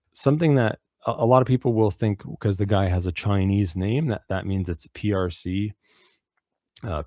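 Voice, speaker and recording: A man's voice: low voice, darkish tone, no echo, clean studio sound. A man hosting a radio show, giving loose, profane news commentary full of fillers and restarts.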